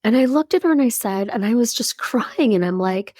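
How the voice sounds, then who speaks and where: A woman in her fifties, a podcast guest, telling a personal story in an animated way and acting out what people said. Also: fairly high pitch, brisk, few pauses, no echo, clean studio sound. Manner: animated storyteller who acts out quoted speech.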